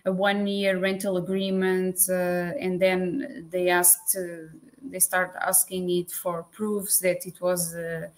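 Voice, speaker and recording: A woman, a guest advisor answering questions on a live stream, pausing often and searching for English words. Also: on the low side, monotone. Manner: hesitant, many fillers, searching for words.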